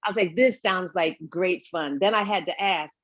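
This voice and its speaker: A woman from Brooklyn chats as an interview guest, storytelling with energy and slipping into the voices of people she quotes. Her voice sits fairly low for a woman. The sound is dry and a little dull, like a lo-fi line. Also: normal speed, no room sound. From Brooklyn, New York. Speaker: actress guest. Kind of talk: casual interview chat.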